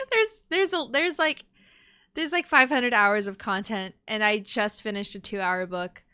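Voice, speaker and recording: Excitable young woman streamer, swearing. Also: mid-range voice, a little slow, clean tone. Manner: excitable, swears freely, chatty with many restarts. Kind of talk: casual live-stream chat.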